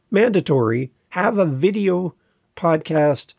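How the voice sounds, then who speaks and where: A man's voice: fairly high pitch, expressive, moderate pace, gravelly, a little mellow, breathy edge, dry recording, clean studio sound. A man hosting his own podcast, talking casually and emphatically, repeating key words for stress. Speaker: podcast host. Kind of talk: casual solo podcast talk.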